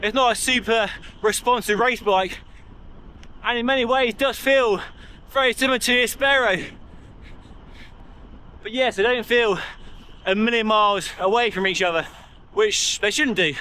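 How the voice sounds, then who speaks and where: A man talking through a bike review in a measured, conversational way. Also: high voice, pushed and bright. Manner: measured, conversational product comparison. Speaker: cycling reviewer.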